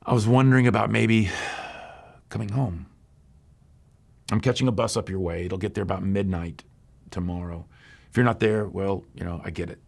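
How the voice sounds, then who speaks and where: A man telling a story as a homeless young woman aching to go home. She speaks in halting, apologetic bits, and the voice stays low and gravelly. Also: darkish tone. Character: young runaway woman, homeless, remorseful, pleading.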